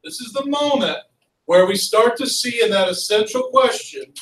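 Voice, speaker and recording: A man lecturing a history class with a fairly high voice, constantly checking in with his students. He is recorded from a distance, so the classroom's echo carries his voice. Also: normal speed. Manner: lively, constantly checks in with "okay?" and "right?". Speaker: history teacher. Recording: roomy classroom, mic far off.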